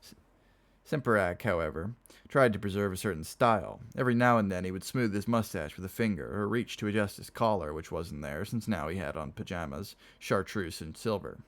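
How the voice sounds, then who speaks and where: A man's voice: low voice, a little fast. A man reading a novel aloud on a stream, narrating plainly and chatting with viewers between passages. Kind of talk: casual read-aloud narration.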